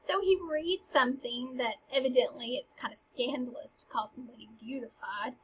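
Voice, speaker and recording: A woman's voice: high voice, normal speed, breathy edge, lo-fi sound. A young woman casually explaining a classic play and reading its lines with dramatic emphasis. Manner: chatty, dramatic, stresses quoted lines. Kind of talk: casual lesson with read-aloud quotes.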